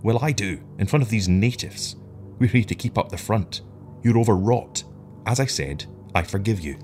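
A stern, skeptical spaceship captain, as a man reads him aloud, curt and commanding. His voice sits low and he brushes everyone off with clipped, dismissive orders. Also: animated, moderate pace, darkish tone, soft background music, close to an everyday voice. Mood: condescending.

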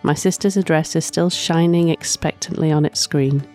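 Mellow woman narrating a story. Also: low voice, fairly even intonation, moderate pace, faint music behind. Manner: soft, reflective, with frequent sighs. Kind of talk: first-person story narration.

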